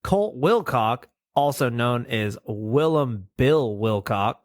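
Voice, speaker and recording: A man's voice: medium pitch, lively intonation, takes it slowly, no room sound, studio quality. A man co-hosting a podcast, chatting casually and jokingly about an old cartoon. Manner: jokey, riffing, slips into silly voices. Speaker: podcast co-host. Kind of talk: casual cartoon review chat.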